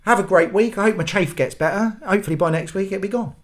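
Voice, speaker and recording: A man's voice: high-pitched, fast talker. A man hosting his own channel, ranting in an exasperated, sweary, rambling way. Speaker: channel host. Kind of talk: ranting vlog monologue.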